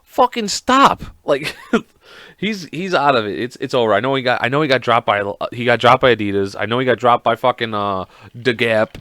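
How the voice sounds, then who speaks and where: A man hosting a podcast alone, ranting in a casual, profane, rambling and excitable way. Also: mid-range voice, fairly quick, no room sound. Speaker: podcast host.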